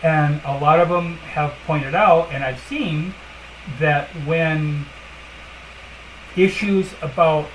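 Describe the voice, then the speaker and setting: A woman's voice: low voice, fairly even intonation, slow, a little hiss or hum, low-quality recording. A woman hosting a casual livestream, talking bluntly and emphatically with lots of fillers and asides at her computer. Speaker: livestream host.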